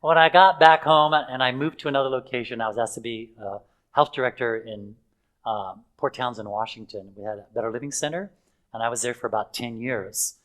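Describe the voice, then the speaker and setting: A man's voice: medium pitch, fairly even intonation, fairly quick, fairly bright tone, low-quality recording. An older man preaching in a chatty storytelling way, with fillers and frequent chuckles. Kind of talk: anecdotal sermon.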